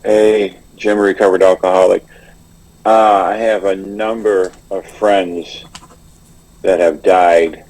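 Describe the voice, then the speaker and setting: A man with a very deep voice shares at a recovery group meeting. He speaks slowly and haltingly, with a dark, mellow tone and little change in pitch. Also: flat delivery, poor audio. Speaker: meeting member sharing.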